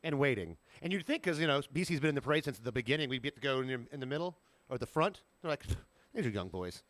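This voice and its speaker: Fast-talking, animated podcast man. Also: mid-range voice, no echo. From Savannah, Georgia. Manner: quick, animated talker who laughs often and jumps in. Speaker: podcast co-host. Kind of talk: casual chat.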